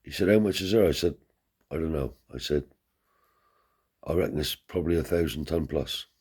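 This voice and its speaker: In a deep, husky, warm voice, a storyteller rambles through a long, casual anecdote laced with swearing. He keeps a moderate pace but lifts his pitch noticeably whenever he imitates someone he's quoting.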